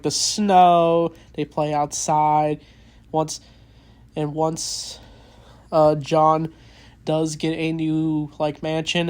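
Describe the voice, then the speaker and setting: Earnest, halting movie reviewer, flat delivery. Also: medium pitch. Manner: halting, with many restarts and fillers; earnest and openly emotional. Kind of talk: casual spoken movie review.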